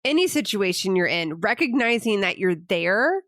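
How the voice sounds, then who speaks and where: A mother co-hosting a casual parenting podcast, chatty and quick to laugh. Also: medium pitch, sing-song, a bit bright, no echo, clean studio sound. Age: adult mother. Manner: chatty, laughs easily, rambling. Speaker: podcast co-host.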